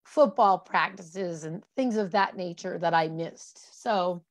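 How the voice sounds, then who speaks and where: She takes it slowly, her voice on the lowish side. The interview guest, a forties-aged woman from Colorado in the US, reflects openly on her life, often using fillers and restarting sentences.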